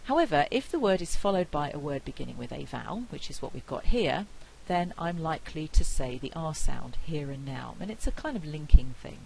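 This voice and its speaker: Low-voiced woman lecturing on phonetics. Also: very animated, darkish tone, slight background noise, rough recording. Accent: non-rhotic British English. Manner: clear, deliberate, demonstrates sounds slowly. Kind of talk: university lecture.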